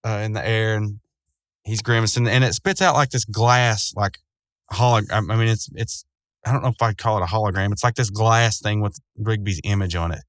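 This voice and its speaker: A man's voice: lowish voice, fairly quick, fairly bright tone, dry recording. A man casually retelling a cartoon episode, rambling with lots of fillers and frequent chuckles. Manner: rambling, loose, chuckling often, many fillers. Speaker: show recapper.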